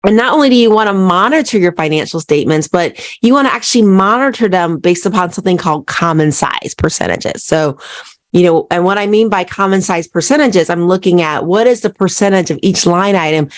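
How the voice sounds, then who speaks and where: Woman, podcast host, fairly low voice, rhetorical questions, keeps saying "right?", dry close sound. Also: fairly quick, no echo. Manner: asks listeners repeated rhetorical questions, says "right?" often. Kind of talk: solo podcast talk.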